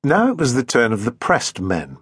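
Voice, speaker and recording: Husky guy reading an audiobook, lots of up and down, very dry sound. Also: mid-range voice, normal speed, no room sound. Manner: expressive, varied reading. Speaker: audiobook narrator. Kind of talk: scripted narration.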